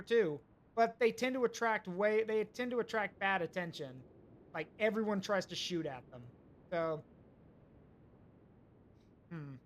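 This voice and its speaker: Man, high voice, live game streamer, thinking out loud, hesitant. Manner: thinks aloud, hesitant, talks to chat. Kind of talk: live gameplay commentary.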